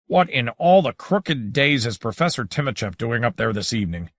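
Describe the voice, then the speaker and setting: An irritable, blunt man whose voice swings from grumbling to bawling, as a man puts him on. The delivery jumps around in pitch. It is recorded dry and close. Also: sing-song, moderate pace, fairly bright tone, no room sound. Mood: irritated. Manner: angry, bawling.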